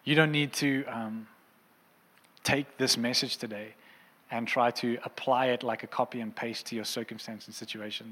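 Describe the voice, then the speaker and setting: A man's voice: medium pitch, fairly bright tone. Earnest male pastor in a reverberant hall. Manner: earnest, impassioned preaching. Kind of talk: sermon. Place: church auditorium.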